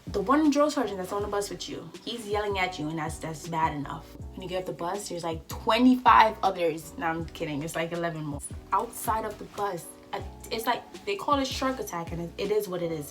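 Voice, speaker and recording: A young woman telling an animated, chatty storytime vlog with advice for listeners. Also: medium pitch. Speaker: vlogger. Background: faint background music.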